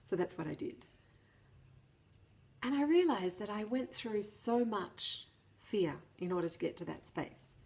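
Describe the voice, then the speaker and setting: A woman's voice: mid-range voice, animated, a little slow, creaky, a little mellow. Chatty woman telling a story. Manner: chatty, self-deprecating, laughs often, restarts phrases. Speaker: vlogger. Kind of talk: casual storytelling to camera.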